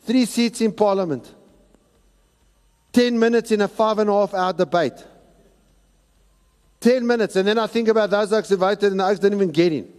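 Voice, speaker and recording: A man preaching a sermon to a congregation, animated and at times shouting, acting out the people in his story. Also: sits high, moderate pace, long pauses. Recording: long reverb of a large hall.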